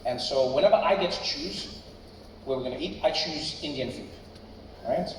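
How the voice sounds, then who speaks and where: A man from Africa, doing stand-up and telling a story in an animated, chatty way. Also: a little high, normal speed. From South Africa. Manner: animated, chatty, tags lines with "right?". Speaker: stand-up comedian. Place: large theater stage. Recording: echoey hall from far, audience noise.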